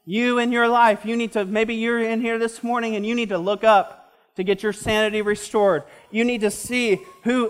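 A man preaching a sermon as a pastor, impassioned and slowing down for emphasis. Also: sits high, clear, resonant tone.

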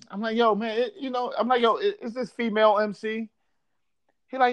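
A man's voice: sits high, normal speed. A man from Buffalo telling a casual story, swearing freely and acting out quotes. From Buffalo, New York.

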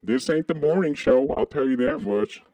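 A man from Kentucky co-hosting a crude comedic podcast, talking in an animated way with sudden high exclamations. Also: moderate pace, no echo, low-quality recording. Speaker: podcast co-host.

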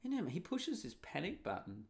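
A man's voice: high voice, wildly swooping pitch, brisk, vocal fry. A middle-aged man telling a long, rambling story in a blunt, sarcastic and profane casual monologue. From Australia.

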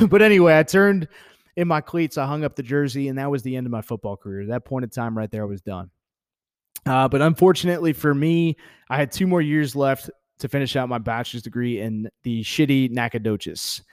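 Young male podcast host from Texas, casual storytelling, blunt and profane, mid-pitched, dry close sound. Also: dry recording. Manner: candid, profane, heated with laughs.

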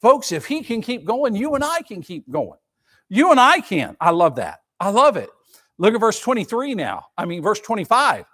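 A man preaches a sermon in a high voice. He is emphatic and repeats himself for effect, asking the congregation rhetorical questions as he goes. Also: wildly swooping pitch, normal speed, fairly bright tone. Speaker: pastor.

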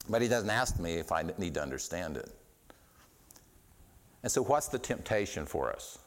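A middle-aged man preaching a sermon in an earnest way, often repeating words and restarting, his voice swinging between quiet and raised. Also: deep voice, animated, moderate pace, long pauses. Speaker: pastor.

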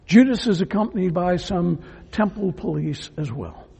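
Pastor guy preaching slow and earnest, mellow husky voice, goes real quiet sometimes. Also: high-pitched, animated, in a large hall. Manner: earnest, emphatic preaching that drops to hushed tones. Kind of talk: sermon.

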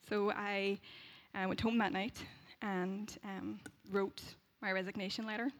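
A woman in her thirties from Derry with a Northern Irish accent, telling a personal faith testimony in an animated way, laughing as she goes and acting out the voices she quotes. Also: mid-range voice, normal speed, hardly any pauses. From Derry, Northern Ireland. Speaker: speaker sharing a faith testimony.

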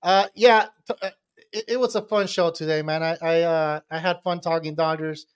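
A man with a high, light voice co-hosting a baseball talk show. He talks in a loose, rambling way and laughs often. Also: fairly even intonation, normal speed, clean tone. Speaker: podcast co-host. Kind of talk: casual sports chat.

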